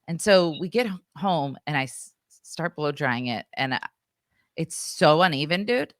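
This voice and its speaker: Low-voiced woman telling a story. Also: animated, measured pace, dry recording, studio quality. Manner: chatty, filler-heavy, acts out quoted voices. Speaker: podcast co-host. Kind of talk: casual storytelling chat.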